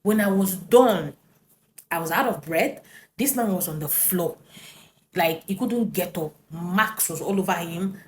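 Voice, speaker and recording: Woman, lowish voice, animated personal story, lots of "right?" and fillers. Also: a little slow, a little hiss or hum. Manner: animated, tag questions and fillers.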